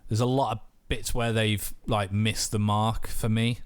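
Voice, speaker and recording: Low-voiced, laid-back podcast guy. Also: level tone, measured pace, clean tone, no room sound. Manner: loose, swears freely, laughs at his own jokes. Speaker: podcast co-host. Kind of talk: casual chat.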